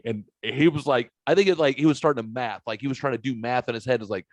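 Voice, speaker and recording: A man's voice: medium pitch, fast, few pauses, dry recording. Profane rambling male podcast host. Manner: profane, rambling anecdotes, mimics others' voices. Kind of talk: casual podcast chat, storytelling.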